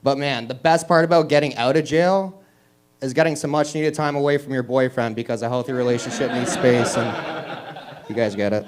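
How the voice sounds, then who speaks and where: A man doing stand-up, delivering dry one-liners and pausing before each punchline at a small open mic. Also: mid-range voice, steady tone, slight background noise. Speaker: stand-up comedian. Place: small comedy venue with audience.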